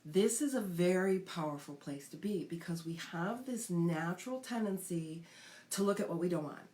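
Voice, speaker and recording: A woman with a somewhat low voice leads a coaching class. She explains ideas earnestly and step by step, sometimes slipping into the inner voices she describes. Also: animated, moderate pace, a little mellow. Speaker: spiritual coach.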